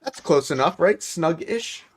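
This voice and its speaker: A man's voice: fairly high pitch, normal speed. A man hosting a livestream, talking casually and joking while he works on a model kit. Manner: relaxed, joking, thinking aloud while working.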